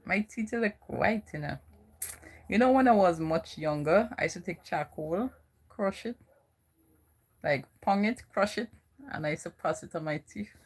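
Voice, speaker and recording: Young virgin islands woman just chatting, kinda low voice, lots of you know. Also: animated, moderate pace, pauses often, darkish tone, breathy edge. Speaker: vlogger. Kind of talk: casual chat.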